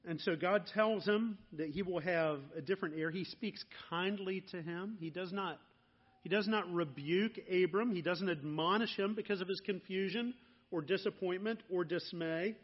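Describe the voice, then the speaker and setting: High-pitched guy preaching slow and earnest, kinda dull lo-fi sound. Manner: earnest, slowing down and dropping soft on key phrases. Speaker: pastor. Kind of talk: sermon.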